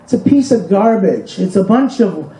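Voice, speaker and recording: A man's voice: sits high, lively intonation, normal speed, warm tone, reverberant, low-quality recording. A man telling a personal story in an emotional public speech, asking the audience rhetorical questions and pointing to pictures. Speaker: speaker at a commemoration event. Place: hall with an audience.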